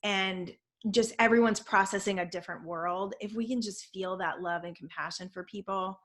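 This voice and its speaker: A middle-aged woman co-hosting a casual talk show, telling stories in an animated, emphatic way. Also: medium pitch, normal speed. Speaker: podcast co-host. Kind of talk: casual chat.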